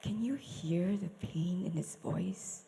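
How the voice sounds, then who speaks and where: A woman telling a Bible story at a church service, animated, asking the audience questions and dropping to whispers for effect. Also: on the low side, slow, vocal fry, slight background noise. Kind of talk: dramatic storytelling sermon.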